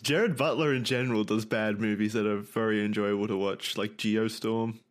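A man's voice: on the low side, fairly even intonation, normal speed. A man co-hosting a casual podcast, chiming in with skeptical questions. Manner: skeptical, short interjections, asks for examples. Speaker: podcast co-host. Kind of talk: casual chat.

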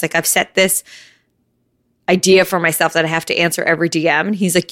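On her casual solo podcast, a young host speaks candidly and slightly breathless, frequently using "like." Her voice is lowish and fairly quick. Though recorded on a phone, it has studio quality with no room sound.

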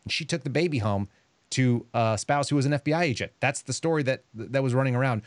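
This podcast host's storytelling is rapid, cutting and sarcastic, the loose chatter of a casual show. The recording of his medium-pitched voice is dry.

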